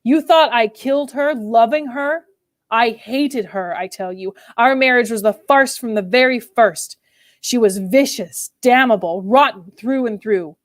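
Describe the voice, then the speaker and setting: A woman's voice: on the high side, a little slow, no room sound, close to an everyday voice. A woman voicing a brooding, tormented older husband, speaking with bitter intensity in a dry, close reading.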